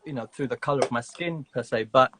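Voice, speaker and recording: A man's voice: medium pitch, quick pace, noisy background. A man as a guest in a casual interview over a video call, talking in a reflective way with many "you know" and "sort of" fillers.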